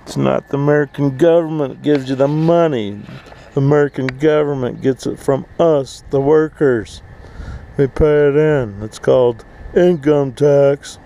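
Slow, gravelly man for an angry, swear-heavy outdoor rant. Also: medium pitch, dark tone, a little hiss or hum, poor audio. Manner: angry, swearing, mocking voices. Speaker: vlogger, full-time RVer. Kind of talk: profane rant to camera. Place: outdoors at an RV park.

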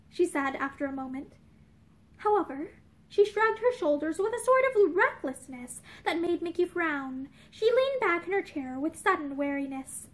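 A woman's voice: very high voice, lively intonation, moderate pace. A young woman reading a novel aloud expressively, with small restarts, in a room with bookshelves. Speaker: reader of a novel.

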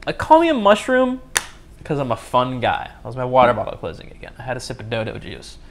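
Young man, solo podcast host, casual rambling chat, self-mocking jokes, lively up-and-down pitch. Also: quick pace, slight background noise. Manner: rambling, jokey, self-mocking, frequent restarts.

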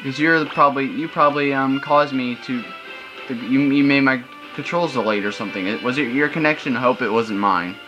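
A young man hosts casual gameplay commentary in a medium-pitched, brisk voice, chatty and loose but breaking into frustrated outbursts. Video game music plays behind him, and the audio's highs are cut off.

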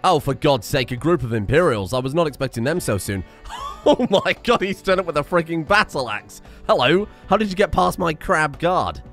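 West Country English man, game streamer, higher voice, animated, swears a lot, faint music behind. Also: normal speed. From West Country of England. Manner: chatty, joking, swears freely. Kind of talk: casual let's-play commentary.

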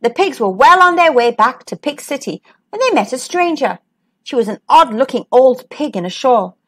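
A woman hosting a storytime channel, reading a children's picture book aloud with lively expression. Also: sits high, moderate pace. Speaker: storytime host.

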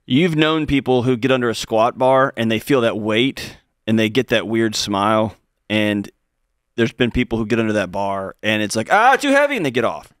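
Man, radio co-host, lively, acts out quotes, dry studio sound. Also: fairly low pitch, no echo. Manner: animated, acts out quotes in different voices. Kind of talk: call-in advice talk.

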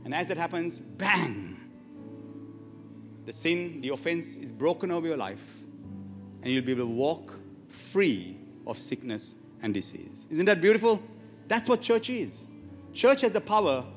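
Male pastor, high voice, wide-swinging pitch, long church-hall reverb, faint music behind. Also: very animated, unhurried. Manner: emphatic, asks the congregation questions. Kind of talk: sermon.

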